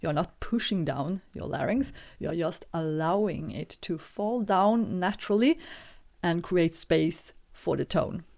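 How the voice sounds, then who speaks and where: Female singing teacher, lowish voice, calm and unhurried, patient warm-up instruction. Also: vocal fry. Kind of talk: vocal warm-up lesson.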